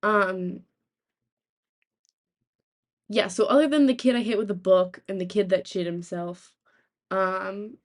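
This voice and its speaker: A woman's voice: mid-range voice, takes it slowly, long pauses. Rambling young woman streamer. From United States. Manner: rambling, animated storytelling with swearing. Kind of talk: casual chat.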